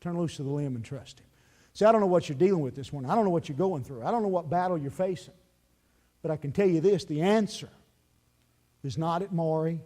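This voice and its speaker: A male pastor preaching a sermon in church, emphatic, swinging from loud pleading to hushed, earnest calls. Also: fairly high pitch, quick pace. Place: church sanctuary.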